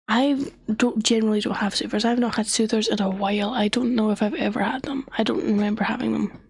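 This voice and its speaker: A woman's voice: on the high side, husky, no echo. Chatty woman streamer, half-whispering. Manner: animated, often drops to a whisper. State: losing her voice from a sore throat. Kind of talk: casual storytelling chat.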